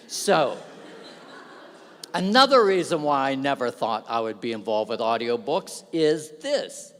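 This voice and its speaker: Animated man telling stories in a hall. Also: mid-range voice, a little slow. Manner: self-deprecating, animated anecdotes. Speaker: awards gala speaker. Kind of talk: storytelling speech. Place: large hall. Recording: long hall reverb.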